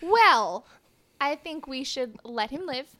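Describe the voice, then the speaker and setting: Female player, slow deliberate speech, slightly high voice. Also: lively intonation, sharp tone. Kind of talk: casual tabletop play.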